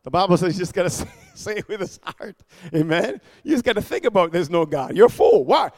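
A man preaching a sermon, animated and emphatic, calling out for responses and shouting at peaks. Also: sits high, fairly quick. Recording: long hall reverb.

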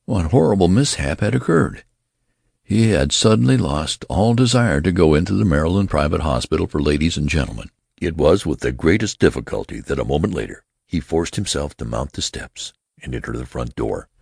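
A man narrating a story in a deliberate, expressive reading. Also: rumbling low, vocal fry, husky, no echo, studio quality. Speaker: audiobook narrator.

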